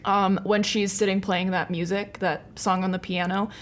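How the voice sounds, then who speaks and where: A woman's voice: mid-range voice, level tone, moderate pace. A young woman co-hosting a podcast, telling a long, rambling story in casual chat and often laughing at herself. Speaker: podcast co-host.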